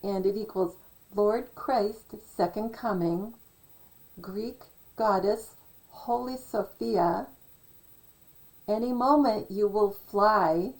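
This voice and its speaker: A woman talks slowly and meanders from thought to thought, stopping often on fillers as she muses aloud. Her voice has a gravelly, fry-laden edge. It sits at a middling pitch. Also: low-quality recording. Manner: slow, meandering, musing aloud with frequent fillers. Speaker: video commentator. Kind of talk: casual rambling monologue.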